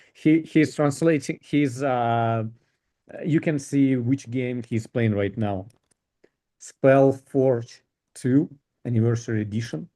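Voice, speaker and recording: A young man co-hosting an online call, chatting casually and joking in a slow, easygoing way. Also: medium pitch, mellow. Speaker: event co-host. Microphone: video call.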